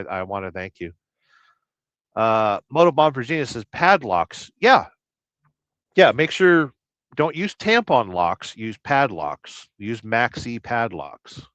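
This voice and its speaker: A man from Southern California hosting a casual trucking livestream. He reads viewer comments aloud and rambles through deadpan, absurd jokes. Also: medium pitch, dry recording. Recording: dry, slightly dull lo-fi sound.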